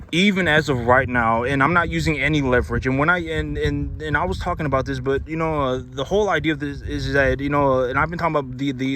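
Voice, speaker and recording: A man's voice: medium pitch, background noise. A man, a cattle rancher, speaking in a blunt, lecturing monologue, repeating himself and restarting often. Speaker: cattle rancher and business owner. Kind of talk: casual monologue to camera.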